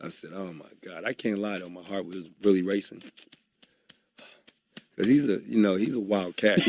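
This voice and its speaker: A man's voice: low voice, moderate pace, no echo. A man being interviewed, telling anecdotes and acting out the voices of the people in them. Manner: animated, acts out quoted voices. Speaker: interview guest. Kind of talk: anecdotal storytelling.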